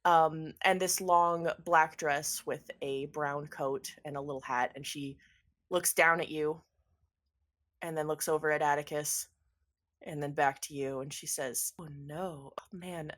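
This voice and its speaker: Woman game master, tabletop narration, casual, hesitant fillers, lowish pitch. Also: steady tone, unhurried, fairly bright tone. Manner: casual, hesitant with many fillers, laughs easily.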